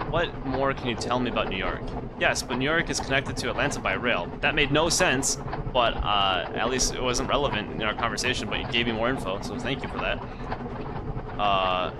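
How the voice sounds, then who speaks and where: Very noisy audio and loud game music accompany a mid-range male voice reading game story text during a let's play. He casually comments, pausing for chatty, puzzled asides.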